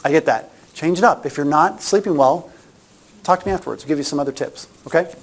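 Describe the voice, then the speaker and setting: A man's voice: a little high, fast talker. A middle-aged man giving a casual workshop talk, chatty and anecdotal, often restarting his sentences. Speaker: workshop presenter.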